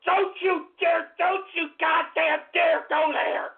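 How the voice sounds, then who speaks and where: A man plays a cranky old radio host, a short-fused, hot-tempered war veteran whose very high, gravelly voice erupts into furious shouting and cursing at his listeners. He keeps a steady tone and slow pace in a full character voice for this comedic rant. The sound is thin and tinny like a call-in phone line, with faint music behind.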